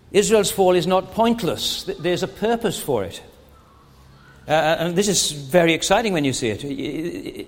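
A man's voice: fairly high pitch, long reverb tail. A man preaching a sermon in an earnest way, asking rhetorical questions and often stammering and restarting his phrases.

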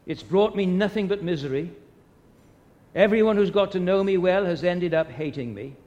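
A man's voice: high-pitched, normal speed, darkish tone, in a large hall, muffled recording, lightly acted. Man playing a terrified dying old man. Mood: despairing. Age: older. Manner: anguished cries.

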